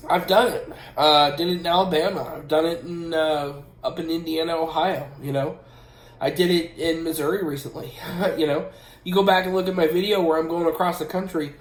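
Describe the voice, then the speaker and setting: A man who drives trucks giving casual safety advice at home, emphatic and repeating his points with a frequent "okay?". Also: fairly high pitch. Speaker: truck driver and channel host. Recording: roomy echo.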